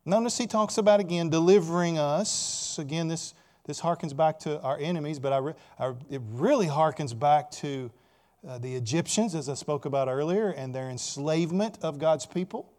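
A male pastor preaching a sermon, building to loud emphatic points and checking in with "right?". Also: on the high side, normal speed.

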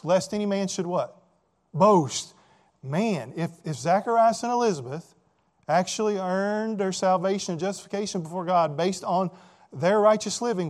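High-voiced male preacher, emphatic. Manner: asks rhetorical questions, many "right?" tags and repeated words; emphatic, swings between loud and soft. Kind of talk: sermon.

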